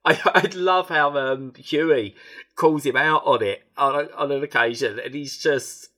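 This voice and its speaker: A man from England reviewing a TV show in casual, animated chat, rambling with frequent restarts. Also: medium pitch, a little slow.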